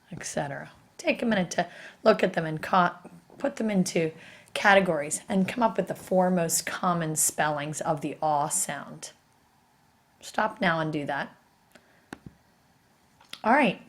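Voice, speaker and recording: Woman teacher recording a spelling lesson; patient, asks questions, slightly low-pitched. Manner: patient, explains step by step with questions.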